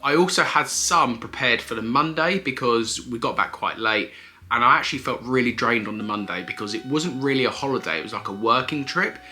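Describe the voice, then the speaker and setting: A man's voice: medium pitch, animated, brisk, bright, forceful tone, soft background music. A man, casually answering viewer questions in a chatty, explanatory vlog. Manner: chatty, explanatory, self-correcting. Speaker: eBay reseller vlogger.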